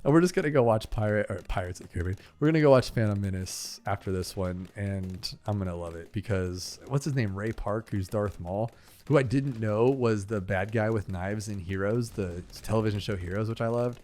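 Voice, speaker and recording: A young gaming channel host keeps up a fairly quick, rambling commentary while playing a video game. His voice is fairly low and a little mellow, and his chatty talk is full of fillers and asides.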